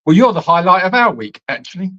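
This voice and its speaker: A man's voice: fast talker, muffled recording. A man co-hosting a live Q&A chat from an animal sanctuary, joking and bantering with his co-host. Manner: jokey, playful banter with lively pitch swings.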